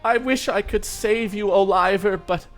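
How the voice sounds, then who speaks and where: A man voicing a melodramatic female puppet cleric in a puppet show, in a shrill, drawn-out falsetto. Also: fairly bright tone, faint music behind.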